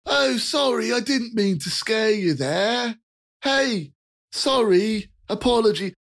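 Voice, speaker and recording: A man's voice: high-pitched, lively intonation, takes it slowly, vocal fry, a bit bright, pitched above the performer's own voice, heavily acted. A man voicing a cheerful, rotund human with rosy cheeks who talks in an eager, apologetic rush.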